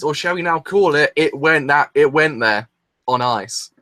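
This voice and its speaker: A man's voice: fairly high pitch, fairly quick, fairly bright tone, no room sound. A young man hosting an anime reaction video, gushing and exclaiming in a breathless, rambling way. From England. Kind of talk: excited solo reaction video.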